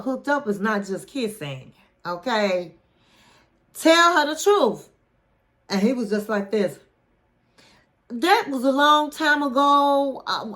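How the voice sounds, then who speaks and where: A woman host casually recapping a reality show episode, chatty and animated, calling the viewer honey and acting out what people said. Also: high-pitched. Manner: chatty, animated retelling with quoted voices, says "honey".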